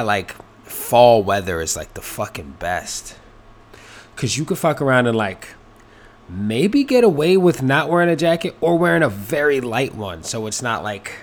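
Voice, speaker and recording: A man hosting a casual solo podcast, rambling and swearing freely, with many fillers and restarts. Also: on the low side. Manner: rambling, profane, lots of fillers. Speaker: podcast host.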